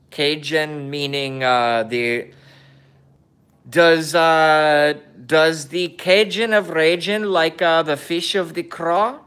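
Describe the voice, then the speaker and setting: A man putting on a mock Kazakh accent, playing a crude, bragging foreigner in slow, halting broken English. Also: fairly high pitch, a bit bright, clean tone. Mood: boastful. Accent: put-on mock Kazakh accent. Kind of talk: comedic impression in a vlog.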